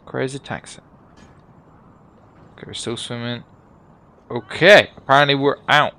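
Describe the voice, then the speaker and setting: A man's voice: mid-range voice, measured pace, sharp tone. A young man giving casual, joking gameplay commentary as he plays, swearing and laughing at himself. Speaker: gaming YouTuber.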